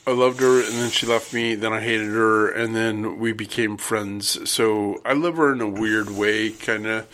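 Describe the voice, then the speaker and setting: A man's voice: on the low side, steady tone, a little slow, hardly any pauses, fairly bright tone, slight background noise. A man telling stories in casual chat, wry and dry-humored, acting out the people he quotes. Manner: wry, storytelling with quoted voices.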